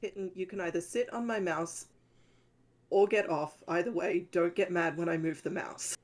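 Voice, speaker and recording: A woman's voice: fairly low pitch, moderate pace. A woman player in a tabletop role-playing game, dry and matter-of-fact.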